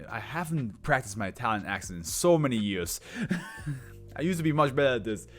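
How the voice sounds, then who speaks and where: A man's voice: medium pitch, lively intonation, a little fast, soft background music. Man chatting between character voices. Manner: chatty, laughing asides. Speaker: story reader. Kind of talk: casual reading aloud with character voices.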